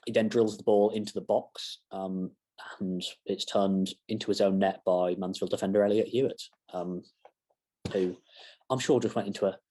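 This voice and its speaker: A man's voice: fairly low pitch, warm tone. A young man giving a casual football match reaction to camera, rambling with self-mocking asides. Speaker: fan channel presenter.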